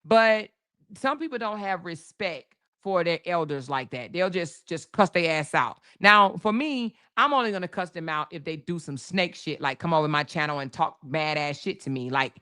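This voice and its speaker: A woman hosts a livestream and vents straight at her chat in a casual rant. She swears freely and calls out viewers by name. Her voice stays smooth and resonant under all the heat. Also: fairly low pitch, lively intonation, moderate pace, fairly bright tone. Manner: heated and profane, addressing viewers directly. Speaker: livestream host.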